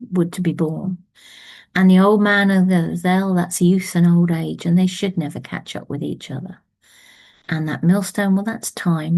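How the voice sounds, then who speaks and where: A woman's voice: lowish voice, creaky, warm tone. A woman storyteller telling a folk tale aloud, speaking intimately and often dropping to a whisper. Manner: slow and intimate, dipping to whispers. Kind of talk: oral storytelling.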